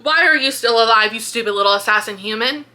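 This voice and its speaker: A woman voicing a cruel, arrogant male prince who shouts insults with contempt, in a casual book-review retelling. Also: a little high, fast. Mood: furious.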